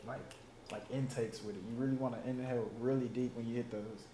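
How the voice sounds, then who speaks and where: Young man, 20s, raspy smoker's voice, loose profane chatter; roomy recording, light background noise. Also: medium pitch, fairly even intonation, quick pace, mellow. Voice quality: hoarse, smoker-like rasp. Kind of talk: casual chat. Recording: roomy room, faint ambient noise.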